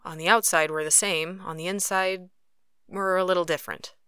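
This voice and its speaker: A woman reading an audiobook who voices a calm young male Fae with patient, low, even replies. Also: normal speed, clean tone, dry recording, studio quality. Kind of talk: audiobook character voice.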